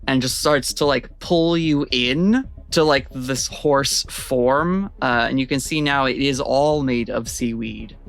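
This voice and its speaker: Gravelly-voiced man narrating a game. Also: mid-range voice, slow, few pauses, a bit bright. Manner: descriptive, rambling with fillers. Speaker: game master.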